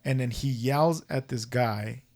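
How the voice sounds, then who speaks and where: A man hosting a podcast, telling a story in a casual, profane, animated way and acting out the voices he quotes. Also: mid-range voice, a little slow. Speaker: podcast host.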